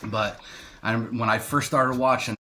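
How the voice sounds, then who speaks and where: A man who coaches youth sports, a podcast guest in casual chat, telling stories in an animated, exasperated way. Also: on the low side, normal speed, slight background noise. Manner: animated storytelling, exasperated rants.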